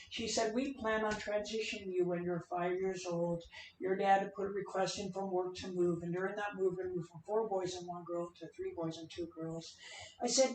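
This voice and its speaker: A woman's voice: mid-range voice, fairly even intonation, normal speed, a little hiss or hum. A middle-aged woman giving a personal storytelling talk as an advocate speaker, earnest and emphatic, acting out the dialogue she quotes. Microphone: video call. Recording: roomy, distant video-call audio.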